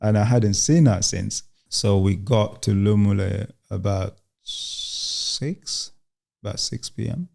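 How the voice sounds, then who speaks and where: Young guy from uganda telling his story, gravelly low voice, keeps restarting. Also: slow, a little mellow. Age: young adult. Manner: hesitant, with many restarts and quoted dialogue. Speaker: guest. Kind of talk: personal storytelling in an interview.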